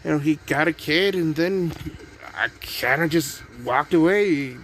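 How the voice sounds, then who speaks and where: A man's voice: a little high, measured pace, a bit bright. A man voicing a hot-tempered teenage girl hero who stammers and swears at herself. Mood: awkward.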